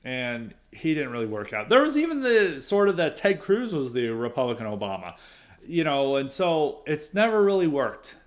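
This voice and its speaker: A man's voice: on the high side, big pitch swings, normal speed. A man hosting a podcast in casual political commentary, opinionated and rambling, with frequent asides and chuckles. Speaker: podcast host.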